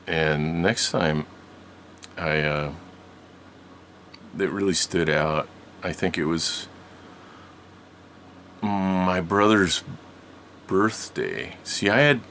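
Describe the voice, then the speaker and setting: A man's voice: low-pitched, drawn-out words, long pauses, fairly bright tone, a little hiss or hum. An older man telling a long story from his childhood in a rambling way, with many restarts and frequent laughs. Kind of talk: casual storytelling.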